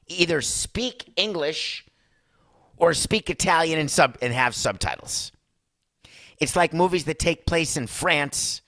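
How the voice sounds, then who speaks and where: A man's voice: a little high, pushed and bright, no echo, clean studio sound. A man hosting his podcast, giving sarcastic, rambling opinions with asides to his producer. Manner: mock Italian accent in one brief bit. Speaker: podcast host. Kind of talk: opinionated sports and culture talk.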